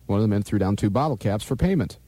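A man's voice: lowish voice, lively intonation, fast, dark tone, no echo. A man hosting a morning radio show, jokey and rambling, slipping into mock outrage. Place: radio studio.

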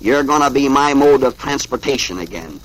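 A man reading the lines of a tough, bossy cartoon rabbit, loud and a bit drawled. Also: medium pitch, animated, moderate pace, lightly acted, poor audio. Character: tough wisecracking male rabbit.

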